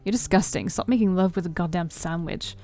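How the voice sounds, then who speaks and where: A woman's voice: on the low side, fairly quick, warm tone, faint music behind, lightly acted. A woman reading the lines of a grumpy, rude young man who snaps insults, while playing a story game. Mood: grouchy. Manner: grouchy, snapping insults. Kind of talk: reading a visual novel aloud.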